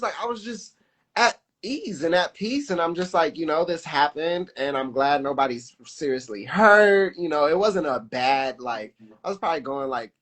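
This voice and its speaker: A man telling a personal story in casual conversation, animated and full of fillers, acting out the lines of people he quotes. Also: high voice. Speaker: podcast guest.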